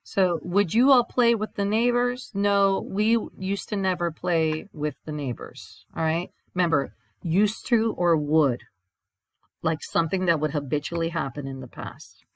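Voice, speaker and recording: A woman's voice: on the low side, a little slow, gravelly, no room sound. A woman teacher recording a grammar lesson over slides, explaining step by step and reading example sentences aloud before translating them. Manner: explains step by step, reads examples in Spanish then English. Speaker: Spanish teacher.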